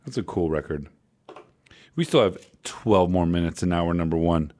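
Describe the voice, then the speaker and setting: A man's voice: low-pitched, expressive, normal speed, a little mellow. A man working as a radio DJ, back-announcing records in a casual, rambling way, often correcting himself and making wry asides.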